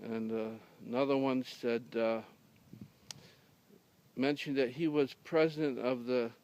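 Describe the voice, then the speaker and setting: A man tells a humorous story in a casual deadpan way, wandering through fillers and restarts. He speaks slowly and unhurriedly. His voice sounds smooth and clear, at a middle pitch. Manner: rambling, many fillers and restarts, dry delivery. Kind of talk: casual deadpan anecdote telling.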